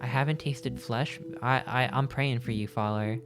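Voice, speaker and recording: With a medium-pitched, slightly bright voice, a male streamer chats casually with viewers at a moderate pace and few pauses. His manner is rambling, jokey and self-interrupting, coming in fits and starts, with faint guitar music in the background.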